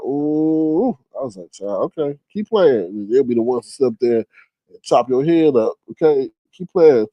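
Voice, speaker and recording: A man hosts a casual livestream, chatting and storytelling in a gossipy, profane manner. His pitch leaps all over the place and his voice is warm and mellow. The sound is dry and close. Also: dry recording. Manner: animated, profane, gossipy, with big pitch jumps when quoting. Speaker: livestream host.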